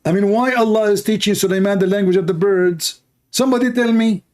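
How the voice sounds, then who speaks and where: A man's voice: high voice, a little fast, a little mellow. A man giving a mocking comedic monologue as a debate commentator, sarcastic and full of rhetorical questions. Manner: sarcastic, rhetorical, plays both sides of a mock dialogue.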